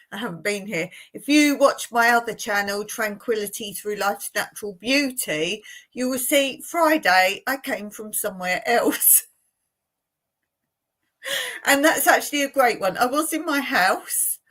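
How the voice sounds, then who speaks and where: A woman's voice: medium pitch, a bit bright. Chatty woman vlogging from home. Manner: chatty, laughs often, rambling. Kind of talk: casual chat to camera. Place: at home indoors.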